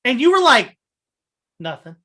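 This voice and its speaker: A young man co-hosting a casual podcast who teases his friend and swears freely. His voice is bright and sharp, and it swoops up and down with lots of animation. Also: very high voice, unhurried. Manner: animated, teasing, profane. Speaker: podcast co-host. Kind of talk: casual chat.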